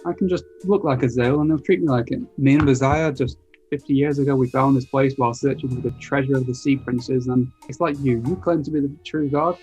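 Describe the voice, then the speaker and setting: A man voicing a gruff, weary old man who has been hiding for decades. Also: mid-range voice, steady tone, brisk, a little mellow, lightly acted. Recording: dull lo-fi sound with faint music.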